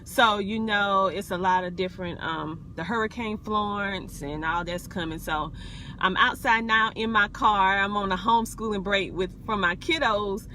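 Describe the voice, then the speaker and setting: A wellness vlogger from South Carolina chats casually on a live video from her car, her Southern accent folksy and full of ums. Her mid-range voice is bright and forceful at normal speed, with slight hiss or hum.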